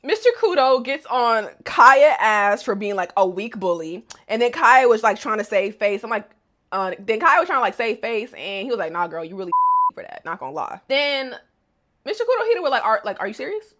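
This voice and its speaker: A woman's voice: a little high, big pitch swings, normal speed, fairly bright tone. A woman recapping an anime episode in a casual, slangy vlog, sassy and roasting the characters as she goes.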